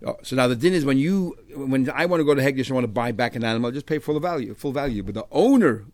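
A man teaches a Talmud class, working through each step and weaving in Hebrew and Aramaic terms. His voice jumps up on key phrases and then drops low as he explains. The sound is dry and close, with no room around it. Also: lively intonation, fast, darkish tone, no echo.

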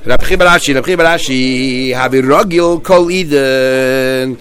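A man teaching a Talmud class, retelling stories in a lively, halting way with many restarts. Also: mid-range voice. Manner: animated storyteller, many restarts and fillers.

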